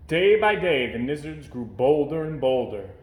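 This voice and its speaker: A man reading a children's storybook aloud with expressive storytelling, at home. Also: on the high side, moderate pace, roomy sound, slight background noise. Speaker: storybook reader. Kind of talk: children's book read-aloud. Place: home during quarantine.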